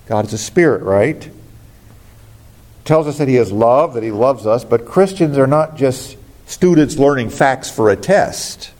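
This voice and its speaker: A man's voice: mid-range voice, animated, unhurried, a little mellow. A man preaching a sermon as a pastor, earnest and rising to emphatic exclamations.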